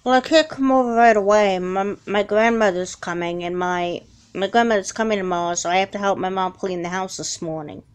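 A woman voicing a busy girl friend who talks in a hurried, apologetic way and stumbles over her words in a doll film. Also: medium pitch, smooth, natural voice.

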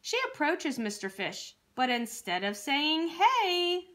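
A woman reading a rhyming children's picture book aloud with an expressive rhythmic delivery. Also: on the high side, unhurried. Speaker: children's storyteller.

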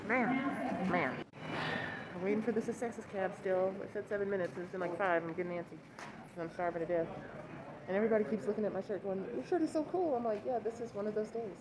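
A woman's voice: mid-range voice, steady tone, a little fast, crowd noise, rough recording. A woman chatting casually to her camera in a vlog. She rambles and sighs often while waiting outdoors for a cab. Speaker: vlogger.

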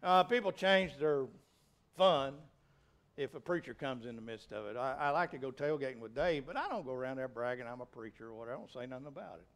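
A man's voice: mid-range voice, fast. A middle-aged man, preaching a sermon in a folksy, emphatic way. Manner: folksy, animated preaching with rising emphatic peaks. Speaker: pastor.

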